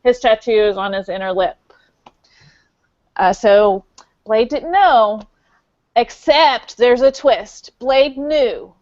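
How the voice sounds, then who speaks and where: Woman podcast co-host, slightly high voice, unhurried rambling recap, lo-fi audio. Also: darkish tone, no echo. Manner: rambling plot summary with many fillers. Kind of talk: casual movie recap chat.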